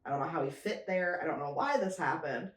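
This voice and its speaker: A woman's voice: sits low, fairly quick, roomy sound. A young woman co-hosting a podcast, telling stories in casual chat and laughing often. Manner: animated storyteller, laughs often. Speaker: podcast co-host.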